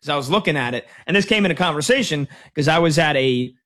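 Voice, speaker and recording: A man in his thirties hosting sports talk radio in a slightly high voice. He rambles casually through anecdotes, restarting his sentences as he goes, on a studio mic. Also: expressive, fast talker, bright, forceful tone. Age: 30s. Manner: rambling, storytelling with many restarts.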